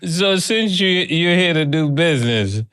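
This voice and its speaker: A man's voice: on the high side, expressive, unhurried, fairly bright tone, clear, resonant tone. A man asking teasing questions in a casual interview, drawing out his words.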